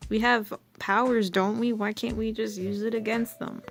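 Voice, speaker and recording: A woman's voice: on the high side, steady tone, moderate pace, gravelly. A woman voicing a hotheaded, pushy teen boy.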